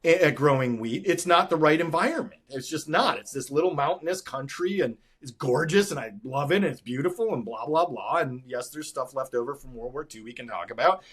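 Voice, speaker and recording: Animated man explaining economics. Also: on the high side, fairly quick, few pauses, husky. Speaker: podcast co-host. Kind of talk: casual political chat.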